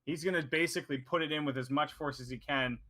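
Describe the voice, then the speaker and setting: A man's voice: fairly high pitch, quick pace, bright, forceful tone. A man narrating a tabletop game as game master, casual and rambling, cursing freely.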